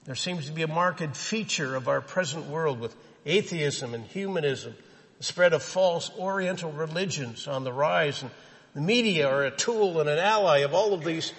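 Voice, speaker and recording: A man's voice: fairly high pitch, creaky, fairly bright tone, long reverb tail. A man preaching a sermon, emphatic and quoting scripture.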